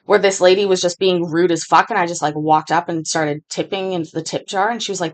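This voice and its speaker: A woman's voice: on the low side, steady tone, fast talker, few pauses. A woman hosting a casual chat, telling rambling stories with lots of swearing. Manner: rambling, profane storytelling. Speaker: stream host reacting to clips.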